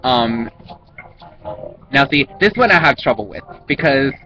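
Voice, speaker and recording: A man's voice: mid-range voice, animated, unhurried, rough recording. A young man chatting casually to a vlog camera in a rambling, self-conscious way. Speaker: YouTuber. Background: music playing in the background.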